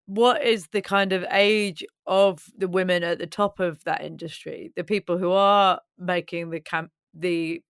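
A podcast host talks reflectively in casual conversation, often pausing and restarting as they search for words. Their mid-range voice sounds dry and close. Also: mid-range voice, fairly even intonation, a bit bright, clean tone, no room sound.

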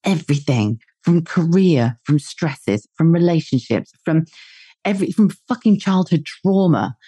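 A woman's voice: deep voice, lively intonation, measured pace, warm tone, slightly rough, no echo. Blunt, sweary woman in her forties. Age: 40s. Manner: blunt and sweary, laughs a lot. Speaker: podcast host. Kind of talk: casual chat.

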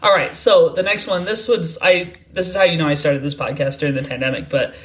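Podcast host, casual and relaxed, quick "yeah"s and "nice"s. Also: medium pitch. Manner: easygoing, brief affirmations. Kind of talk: casual interview chat.

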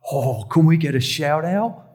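A man voicing his tipsy, cheerful male childhood friends calling late at night, with loud, jolly banter. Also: fairly high pitch, animated, measured pace, breathy edge, pitched above the performer's own voice. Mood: teasing.

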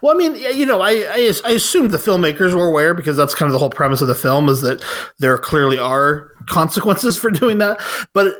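A man's voice: sits high, very animated, brisk, fairly bright tone. Chatty man reviewing a horror film. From western United States. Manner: rambling, chuckling, enthusiastic. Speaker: podcast host. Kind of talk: casual film review chat.

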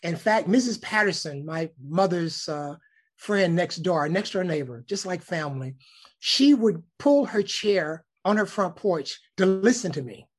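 A man, a news cameraman telling a lively story in a casual interview. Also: sits high, unhurried, husky. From Alabama, United States. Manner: animated storyteller, acts out quoted voices.

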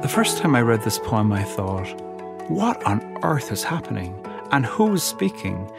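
Gravelly man reading poetry slowly. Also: mid-range voice, sing-song, over loud music. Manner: slow, measured and contemplative. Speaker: podcast host. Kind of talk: poetry reading and reflective commentary.

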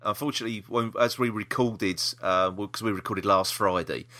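A man's voice: on the low side, brisk, bright, forceful tone. A man co-hosting a casual podcast chat, rambling with restarts and laughter. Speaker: podcast co-host.

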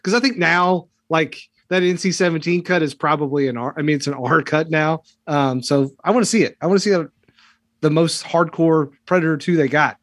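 A man casually discussing a film, relaxed and peppered with filler words. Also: on the high side, a little fast, no echo, studio quality.

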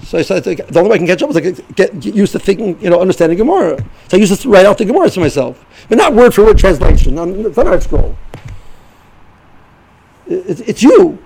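A middle-aged man giving an informal Torah lesson, halting and repeating words as he restarts sentences. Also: high-pitched, sing-song, creaky, darkish tone, husky, poor audio. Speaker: yeshiva rebbe giving a shiur.

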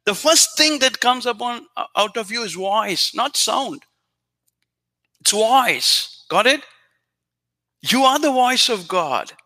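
A man's voice: extremely high pitch, animated, takes it slowly, pauses often, sharp tone. A man giving an earnest, repetitive spiritual talk to listeners. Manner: earnest, repetitive, emphatic teaching. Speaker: spiritual teacher.

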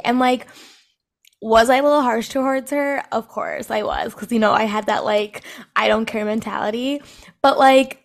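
A woman's voice: on the high side, lively intonation, moderate pace. A young woman co-hosting a podcast in candid, casual chat, speaking loosely with many "like" fillers. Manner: conversational, filler-heavy with "like". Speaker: podcast co-host.

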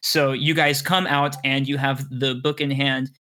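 Bright-voiced tabletop game master. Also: mid-range voice, flat delivery, measured pace. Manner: chatty, laughs often, rambles.

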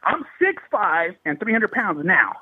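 A man's voice: sits high, unhurried, phone-quality sound, a crowd in the background. A man in his thirties from the Bay Area, telling a paranormal story in slangy, profanity-heavy casual talk. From Bay Area, California. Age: 30s. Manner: heavy swearing, slangy and animated.

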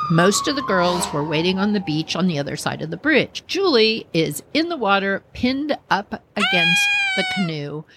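A woman's voice: fairly low pitch, noisy background. A woman hosting a podcast, telling a personal story with lots of acted-out quotes.

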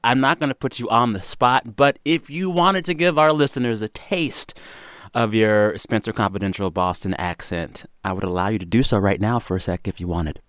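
A man's voice: fairly low pitch, moderate pace, fairly bright tone, no echo, clean studio sound. A man hosting a radio show, chatting casually with a guest in a playful, upbeat way and laughing easily. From Texas. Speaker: radio host.

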